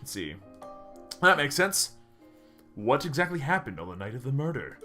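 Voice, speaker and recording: A man voicing an awkward, polite male falcon lawyer in a game, halting with many hesitations. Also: medium pitch, very animated, sharp tone, faint music behind.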